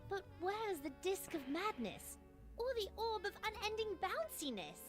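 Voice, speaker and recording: A man's voice: extremely high pitch, big pitch swings, unhurried, music in the background, full character voice. An actor voicing a manic, grandiose male cartoon rabbity creature in a game, speaking theatrically and pompously.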